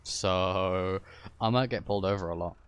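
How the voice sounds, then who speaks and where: A man's voice: low-pitched, normal speed, dull audio, slight background noise. A man streaming a game live, chatting casually with friends, teasing and swearing offhandedly.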